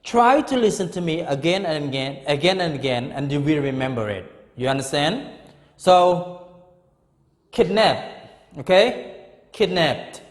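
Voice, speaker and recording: Slow-talking man teaching in an echoey room. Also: a little high, very animated. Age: middle-aged. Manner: slow, repetitive, drawn-out explanations with frequent "okay?". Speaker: English teacher. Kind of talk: classroom grammar lesson. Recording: echoey room with long reverb.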